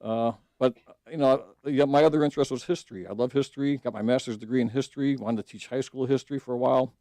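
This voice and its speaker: A man's voice: mid-range voice, steady tone, quick pace, dark tone, dry recording. Earnest middle-aged man, judicial candidate on radio. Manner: earnest storytelling, frequent restarts and fillers. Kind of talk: casual radio interview. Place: radio studio.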